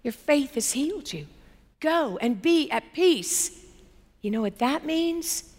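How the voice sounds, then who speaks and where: A woman's voice: sits high, slow pace. A woman preaching a sermon, telling a story with laughter and acting out the people in it. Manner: animated, laughing, acts out quoted people. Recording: long hall reverb.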